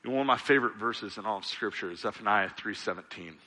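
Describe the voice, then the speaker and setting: A man's voice: fairly low pitch, quick pace, sharp tone, long reverb tail. A man in his thirties, a pastor, preaching a sermon in an earnest, repetitive style, piling up long lists to his church.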